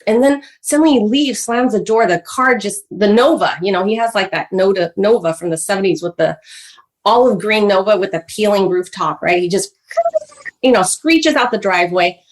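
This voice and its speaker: A woman guest on a podcast, telling her life story in an animated, chatty way full of "like" and "you know". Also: mid-range voice, normal speed. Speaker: guest author. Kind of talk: personal storytelling in a podcast interview.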